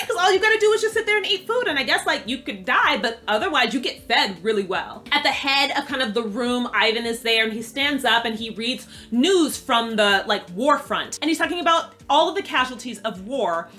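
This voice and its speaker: Woman, casual show recap, slangy and profane, laughing, sharp bright tone. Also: sits high, animated, a little fast. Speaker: TV recap reviewer.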